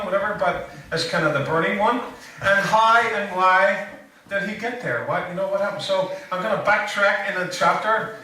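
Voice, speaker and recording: A preacher with a high-sitting, sharp voice gives a casual sermon in a church hall, rambling with joking asides and many fillers. The recording is echoey, and his voice comes from a distance.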